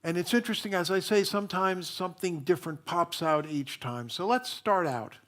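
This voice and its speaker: A minister giving a sermon in a chatty storytelling way, full of fillers and restarts. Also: male voice, sits high, a little fast, fairly bright tone.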